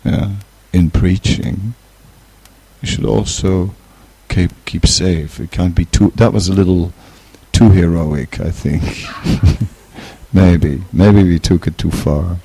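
Relaxed, gravelly, low-voiced man. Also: slow pace. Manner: relaxed, hesitant, chuckles while telling stories. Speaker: spiritual teacher. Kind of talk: informal talk with a personal story.

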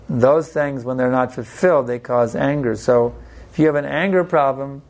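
Male religious teacher, gravelly mid-range voice, unhurried plain-spoken delivery with anecdotes. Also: medium pitch. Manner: unhurried, plain-spoken, tells personal stories. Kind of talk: devotional scripture class talk.

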